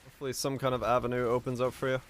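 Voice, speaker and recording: A man streaming a video game, reading viewer messages and chatting casually in a relaxed, rambling way. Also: medium pitch, racing, a little hiss or hum. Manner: relaxed, rambling, reads chat aloud. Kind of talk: casual chat while playing.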